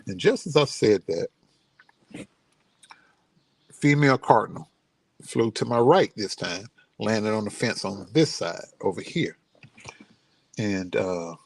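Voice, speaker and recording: A middle-aged man with a deep, gravelly voice speaks casually as a vlogger. His stories come out heartfelt and grieving, and he ends on warm words of encouragement. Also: animated, takes it slowly, long pauses. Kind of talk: casual personal storytelling. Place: outdoors near his home.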